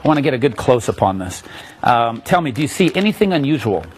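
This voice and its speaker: A man teaching magic to a live audience in a room, answering questions in a joking, animated, self-mocking way. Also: mid-range voice, fast, husky.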